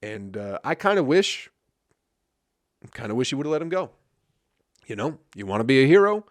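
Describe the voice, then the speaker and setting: A man's voice: mid-range voice, sing-song, normal speed, dry recording. Profane ranting male podcast host. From Flint, Michigan. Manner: swears constantly, asks "you know what I mean, people?".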